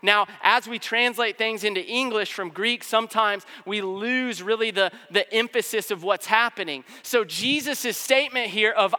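A man with a high, bright and smooth voice preaching a sermon. He talks in an easy, conversational way, with casual fillers throughout. His voice carries a long reverb from a large hall. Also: normal speed.

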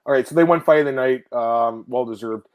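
A man hosting a casual fight-sport podcast, rambling and animated, telling stories with laughs and swearing, often calling out to the viewers. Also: mid-range voice, brisk. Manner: addresses viewers as guys. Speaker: podcast host. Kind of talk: casual MMA podcast chat.

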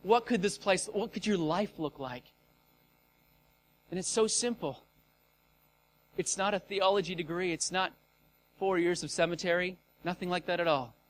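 A man preaching a sermon in a casual, energetic way, talking straight to his listeners and sometimes acting out scenes with shouts. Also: high-pitched, normal speed, long pauses.

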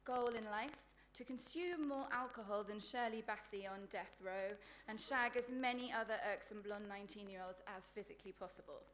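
An author reads from her comic writing at a live book event, a faint hiss audible behind her. Deadpan and sardonic, she savors her crude insults dryly, speaking at medium pitch and moderate speed with little pausing.

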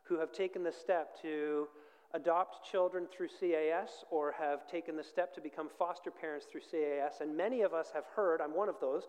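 A middle-aged pastor delivers a sermon in a slightly high voice. He drops to slow, hushed phrases, then builds to loud, fervent peaks. His voice rings with the long reverb of a large church hall. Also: fairly even intonation. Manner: dynamic preaching, swings from hushed to shouting.

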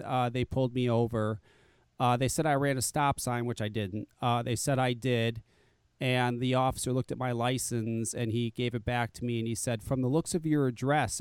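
A man's voice: mid-range voice, darkish tone, clean tone, no room sound. A man telling a personal story in casual talk, blunt and profane, acting out the people he quotes and stumbling into repeated restarts. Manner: frequent restarts and stammered repeats. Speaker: podcast guest telling his story.

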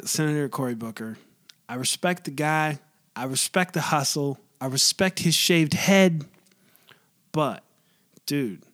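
A young man hosting a solo podcast, rambling casually with lots of restarts and filler words. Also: on the high side. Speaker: podcast host.

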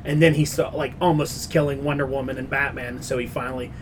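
A man co-hosting a pop culture podcast, talking in an opinionated, animated way and swearing casually. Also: mid-range voice, fast talker, slight background noise. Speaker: podcast co-host.

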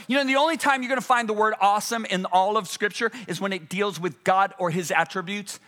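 A male preacher delivering a sermon, swinging between loud urgent peaks and hushed, low passages. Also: brisk.

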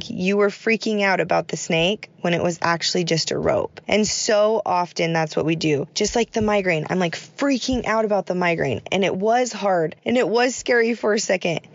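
A woman's voice: medium pitch, creaky, no room sound, lo-fi sound. A woman yoga teacher giving a casual, encouraging motivational talk, speaking straight to her listeners as "you guys".

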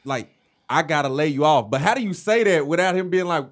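A man chiming in on a loose group chat, emphatic and slangy. His voice sits high for a man and moves around a lot. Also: lively intonation, a little fast.

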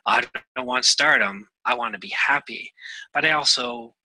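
Gravelly earnest man, bright tone. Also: medium pitch, no echo, low-quality recording. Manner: earnest, rambling, halting with fillers. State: getting emotional. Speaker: radio show guest. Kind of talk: casual interview chat.

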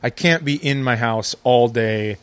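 A man's voice: medium pitch, unhurried, fairly bright tone, smooth, dry recording. Wry laid-back man from Minnesota. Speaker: guest comedian. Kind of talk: casual chat.

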